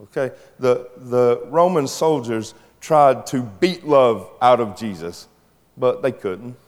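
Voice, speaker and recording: A man preaching a sermon as pastor, swinging between rising intensity and quiet emphatic drops. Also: mid-range voice, slow. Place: church sanctuary. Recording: long church hall reverb.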